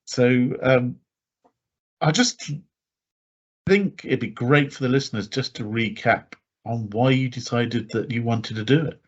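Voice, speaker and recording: A man's voice: mid-range voice, unhurried, muffled recording. A man co-hosting a podcast in casual chat, talking loosely with fillers and frequent laughs. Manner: chatty, laughs often, many fillers. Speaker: podcast co-host.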